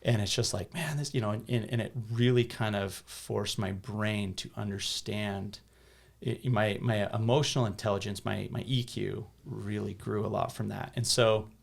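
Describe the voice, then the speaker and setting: A man's voice: fairly low pitch, steady tone, moderate pace, creaky. An American man in his thirties, a podcast guest telling a personal story in earnest, casual talk with many restarts and repeated words. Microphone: podcast studio microphone.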